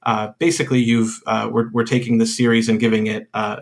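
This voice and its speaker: A man, a game designer appearing as a podcast guest, talking hesitantly with many pauses and restarts. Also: mid-range voice, level tone. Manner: hesitant, full of uhs and restarts. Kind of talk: casual interview chat.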